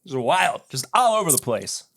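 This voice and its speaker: A man's voice: fairly high pitch, moderate pace, no room sound, clean studio sound. A man hosting a podcast, chatting casually and joking while tasting whiskey. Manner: relaxed, joking, laughs often. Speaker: podcast host.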